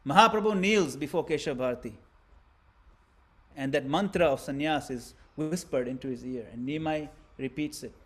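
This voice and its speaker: A man giving a religious lesson, narrating a scene vividly with theatrical swings between loud and hushed delivery. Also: fairly high pitch, moderate pace. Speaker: religious teacher. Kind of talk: dramatic storytelling lecture.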